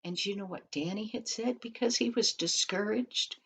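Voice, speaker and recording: An older woman, a grandmother, telling a children's story in a gentle way and asking her listeners questions along the way. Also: mid-range voice, moderate pace, vocal fry, hardly any pauses, breathy edge. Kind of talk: bedtime story narration. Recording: dull lo-fi recording.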